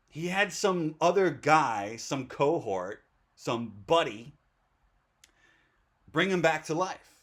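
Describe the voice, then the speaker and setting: A man's voice: a little high, fairly bright tone. A man hosting a casual talk about films, enthusiastic and rambling, often restarting his sentences. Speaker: host. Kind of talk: casual movie chat.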